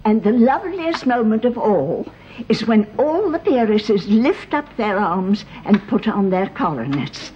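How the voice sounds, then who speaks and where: A woman's voice: on the high side, very animated, measured pace, dull audio, slight background noise. An actress playing an elderly aristocratic grandmother, refined and a little vague, in a radio drama. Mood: gushing. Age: older. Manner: refined upper-class, vague and gushing. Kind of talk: 1930s-set radio drama.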